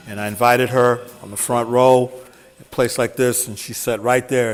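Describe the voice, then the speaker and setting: A man, a jazz drummer and teacher, telling funny, animated stories to an audience at a venue. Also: medium pitch. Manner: humorous, animated anecdotes. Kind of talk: storytelling talk to an audience. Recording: long hall reverb, faint music.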